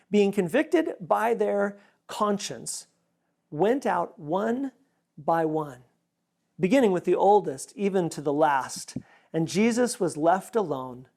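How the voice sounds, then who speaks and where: A pastor giving an earnest sermon, often repeating words for emphasis. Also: male voice, on the high side, vocal fry, a little mellow.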